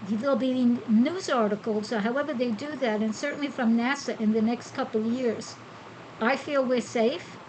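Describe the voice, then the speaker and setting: A woman's voice: a little high, moderate pace, darkish tone, slight background noise, low-quality recording. A woman hosting a spiritual podcast, talking casually and asking herself questions before answering them. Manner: chatty, rhetorical questions and answers. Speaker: podcast host. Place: Costa Rica.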